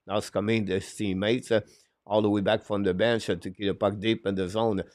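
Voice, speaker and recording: A man with a fairly low voice calls a hockey game play-by-play for a live stream. He stumbles along with many "uh" fillers, broken phrasing and quick apologetic corrections. The sound is dry and close, with no room in it. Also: level tone, darkish tone, dry recording. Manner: halting, frequent "uh" fillers, broken English phrasing. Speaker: play-by-play commentator and show host.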